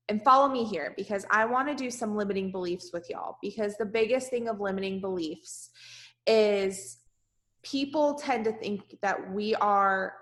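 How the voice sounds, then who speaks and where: A woman's voice: mid-range voice, a bit bright. A woman leading her team in a direct, emphatic motivational talk on a video call, repeating lines for emphasis. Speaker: team leader.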